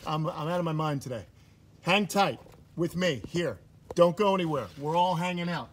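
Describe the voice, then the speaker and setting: A man's voice: fairly high pitch, normal speed, pauses often. A man giving an enthusiastic, chatty live tour of an outdoor animal sanctuary, filmed on a phone he carries as he walks. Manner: enthusiastic, chatty, addresses viewers as guys. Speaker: wildlife sanctuary vlogger. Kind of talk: live-streamed walking tour. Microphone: phone held while walking. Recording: phone mic, level shifting as he turns.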